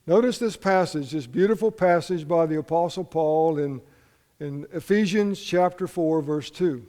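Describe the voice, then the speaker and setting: A man's voice: a little high, normal speed, warm tone, long reverb tail. A man preaching a sermon as pastor, telling folksy stories and asking the congregation questions. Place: church sanctuary.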